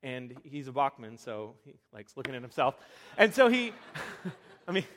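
A young man preaching a sermon, telling animated, self-deprecating stories with frequent restarts. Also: medium pitch, normal speed, a little hiss or hum. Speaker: pastor.

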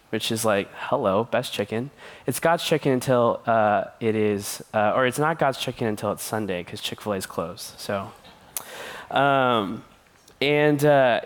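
A man preaching as a youth pastor, telling stories with playful voices and laughter. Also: mid-range voice. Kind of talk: sermon.

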